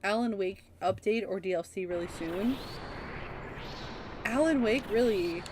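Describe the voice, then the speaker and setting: A woman's voice: mid-range voice, normal speed, background noise. A woman streaming a video game live, chatting and swearing as she reacts to what she finds. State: yawning, tired. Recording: game music underneath. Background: game music.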